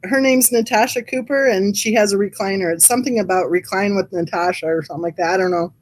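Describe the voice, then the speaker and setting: A woman talks loosely and chattily on a livestream, drifting from thought to thought with an amused tone. Her pitch sits in the middle for a woman, and she speaks through a computer mic. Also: fast, darkish tone. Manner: reads live chat aloud. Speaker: true crime channel host. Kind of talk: casual livestream chat.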